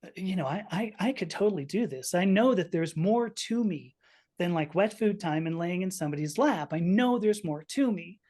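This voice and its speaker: A woman voicing a curious, restless young male house cat as she retells a story, with a lowish voice. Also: lively intonation, normal speed, a little mellow. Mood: yearning.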